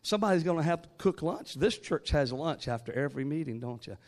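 High-voiced man preaching a lively sermon. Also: fast talker. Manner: joking asides, then rising call-and-response preaching. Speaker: guest preacher.

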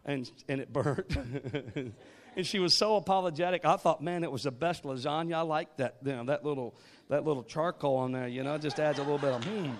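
A man's voice: on the high side, a little fast. A man preaching a sermon, moving from joking asides to rising call-and-response exhortation. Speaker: guest preacher.

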